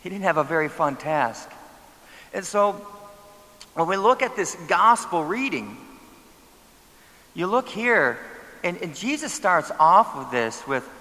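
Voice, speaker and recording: A man's voice: high-pitched, very animated, unhurried, long pauses, pushed and bright, long reverb tail. A man preaching a sermon as pastor, talking conversationally and putting rhetorical questions to the congregation.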